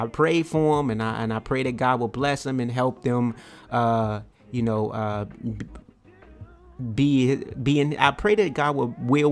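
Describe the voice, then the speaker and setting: A man hosting a podcast, telling a story in a casual, animated way and repeating words as he gets going. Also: medium pitch. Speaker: podcast host.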